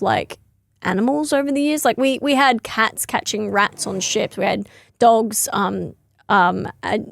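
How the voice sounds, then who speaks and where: Brief: young female comic, high voice with vocal fry, rambling and giggly, dry close sound. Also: no echo. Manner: rambling, giggly, lots of "like" and self-corrections. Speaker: comedian. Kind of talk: casual comedic monologue.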